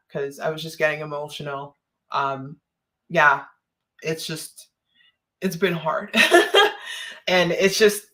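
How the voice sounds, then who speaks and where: Speaking on a live stream, a Canadian woman rambles, laughs often, and is emotional, holding back tears. Her voice is low-pitched and a bit bright.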